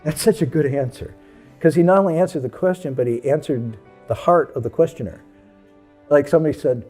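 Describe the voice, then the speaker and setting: A man's voice: medium pitch, a little fast, faint music behind. A man who is a Buddhist monk, telling stories about his teacher and acting out the people in them. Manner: animated, acts out the people in his story. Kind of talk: anecdotal storytelling.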